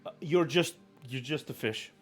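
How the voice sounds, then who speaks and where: A man's voice: medium pitch, moderate pace, soft background music. A man chatting casually on a live stream, rambling and self-deprecating, apologizing often.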